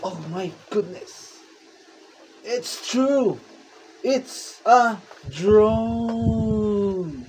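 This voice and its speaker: A woman with a Filipino accent, unboxing a gift on her vlog, excitable and gushing, switching between English and Tagalog. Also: medium pitch, extremely slow, a little hiss or hum. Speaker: vlogger. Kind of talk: casual unboxing commentary.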